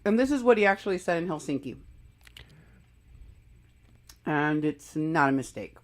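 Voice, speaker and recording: A woman co-hosting a casual political talk show, commenting quickly and with animation. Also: low voice, lively intonation. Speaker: co-host.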